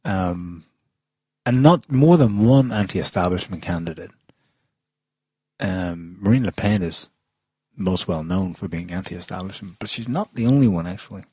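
Low husky guy hosting a chatty panel show, lots of ums, dry sound. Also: animated, normal speed, mellow, no echo. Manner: chatty, many ums and restarts. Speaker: podcast host. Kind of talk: casual panel discussion.

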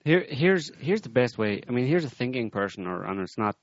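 A man's voice: medium pitch, big pitch swings, brisk, dry recording, lo-fi sound. A man in casual political chat, talking in a sardonic, rambling way with frequent restarts.

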